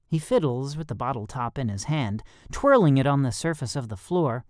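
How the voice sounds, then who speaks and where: A man narrating a young adult thriller audiobook in first person, expressive and lively. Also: mid-range voice, moderate pace, few pauses, no room sound, studio quality.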